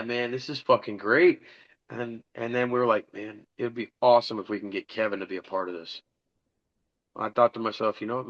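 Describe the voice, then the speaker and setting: Profane rambling storyteller, bright voice. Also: male voice, mid-range voice, muffled recording. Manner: rambling, profane, acts out dialogue. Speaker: podcast guest, musician. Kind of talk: casual storytelling interview.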